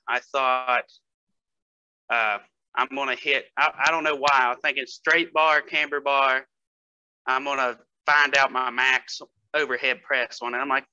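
Male guest, casual storyteller, sharp bright voice, middle pitch. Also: smooth, highs cut off. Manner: storytelling, laughs often, hesitant fillers. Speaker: guest strength athlete. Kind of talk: casual podcast chat.

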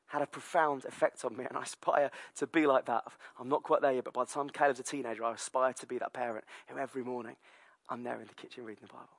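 A British man in his thirties preaching a sermon with personal stories, lively and filler-heavy. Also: medium pitch, quick pace, creaky, dry recording. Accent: British English. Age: 30s. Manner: storytelling, lively, many fillers. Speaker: pastor.

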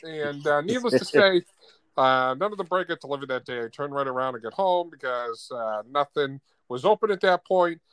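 Podcast guy with a high voice that jumps all over, swearing and laughing through his story, dry close mic. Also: fairly quick, hardly any pauses, smooth, dry recording. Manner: animated, profane, laughs often. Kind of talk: casual chat.

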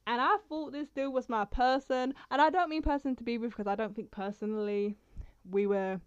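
A woman's voice: fairly high pitch, steady tone, moderate pace, clear, resonant tone, dry recording. Woman poetry vlogger, rambling chat, apologetic asides, dry dull home recording. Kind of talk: casual vlog chat and reading her own poems.

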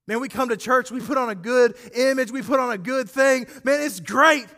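A male pastor preaching a sermon, animated and acting out scripture scenes as he speaks directly to his congregation. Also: very high voice, moderate pace, big-room sound.

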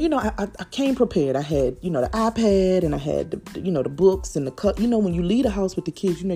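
A woman's voice: fairly low pitch, husky. A woman, telling funny parenting stories in a casual monologue, calling her listeners "y'all" and acting out what she and her kids said. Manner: animated, addresses listeners as y'all, repeats words, acts out quotes.

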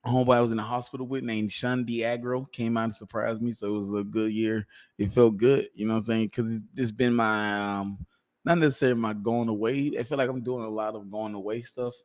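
A man's voice: lowish voice, fairly even intonation, a little fast. A man co-hosting a comedy podcast, talking loosely and profanely in casual banter, laughing often. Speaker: podcast co-host, stand-up comedian.

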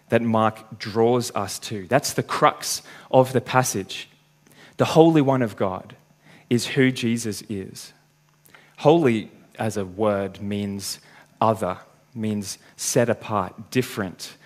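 A man's voice: on the low side, darkish tone. Man preaching a verse-by-verse sermon. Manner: explains verse by verse, reading scripture aloud.

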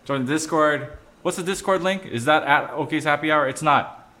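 Young male podcast host, profane and animated, casual kitchen chat, roomy sound. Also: on the high side, moderate pace. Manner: profane, ranting, animated complaints. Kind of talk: casual chat while cooking. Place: home kitchen.

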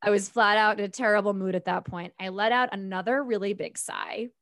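A woman co-hosting a podcast, telling a personal story in a casual, animated way with laughs and self-talk asides. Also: medium pitch, a little fast, no room sound, studio quality. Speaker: podcast co-host.

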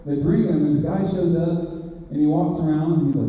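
A man's voice: on the high side, fairly even intonation, moderate pace, warm tone. A man preaching a sermon in a conversational storytelling way, acting out characters as he tells the story. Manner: conversational, acts out characters in quotes. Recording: roomy hall, distant mic, dull sound.

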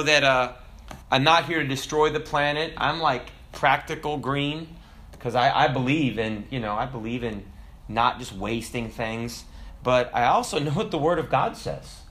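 A male pastor preaching a sermon in a conversational way, with joking asides, who builds to emphatic preaching. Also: bright, forceful tone. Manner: rises to emphatic, higher-pitched preaching.

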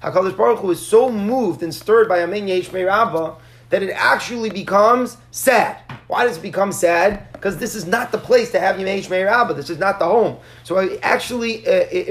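Male Talmud teacher, high voice with a gravelly edge, earnest explainer. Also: fairly quick, a bit bright. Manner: earnest, explanatory, frequent restarts. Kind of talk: Talmud class lecture.

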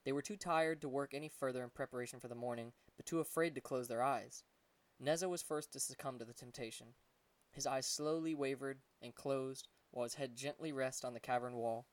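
Male audiobook narrator, gentle unhurried read, mid pitch, dry and distant. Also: steady tone, no echo. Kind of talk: scripted narration.

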